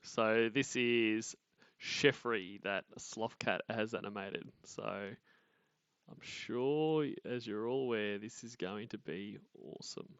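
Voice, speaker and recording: A man hosting a stream, talking casually and haltingly with many fillers. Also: lowish voice, a bit bright, smooth, no echo, highs cut off. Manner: halting, full of "um" and "uh". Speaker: streamer host.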